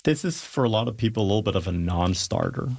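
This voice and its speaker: Man, scientist guest, very gravelly, husky, dry close sound. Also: fairly low pitch, expressive, fast talker, darkish tone, no room sound. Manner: emphatic, explaining with asides. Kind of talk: interview talk.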